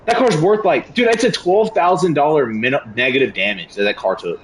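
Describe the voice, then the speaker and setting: A man's voice: on the high side, a little fast, a little hiss or hum, rough recording. Young man ranting, loose and profane. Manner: animated, profane, slangy ranting. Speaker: streamer. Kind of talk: casual storytelling while gaming.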